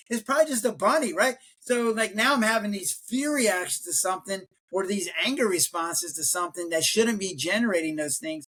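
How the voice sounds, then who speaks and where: An older man speaks as a retired physician, guesting on a podcast in a relaxed, chatty way. He tells stories and acts out the quoted lines, jumping up in pitch and volume for them. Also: brisk. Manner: animated storyteller, acts out quotes in raised voice. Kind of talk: casual interview talk.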